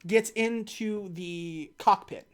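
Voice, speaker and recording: A woman co-hosting a podcast recaps a film casually, acting out its scenes in funny voices with animated energy. Her mid-range voice is smooth and slow.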